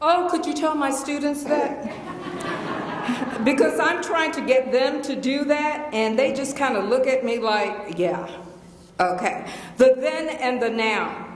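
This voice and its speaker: Woman, Southern accent, middle-aged, playful and emphatic, slow delivery, echoey hall with long reverb. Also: sits high. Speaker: guest lecturer. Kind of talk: lecture Q&A. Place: large lecture hall.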